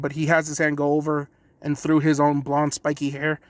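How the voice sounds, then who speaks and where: A man narrates a fan-made story in a casual, rambling way, constantly correcting himself and sprinkling fillers. His voice sits on the higher side for a man, and a faint hiss of noise runs underneath. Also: monotone, normal speed.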